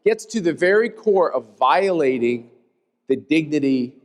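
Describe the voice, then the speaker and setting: A man's voice: on the high side, expressive, unhurried. A man hosting a stage panel discussion, talking in an emphatic, upbeat way. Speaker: conference host. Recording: long hall reverb.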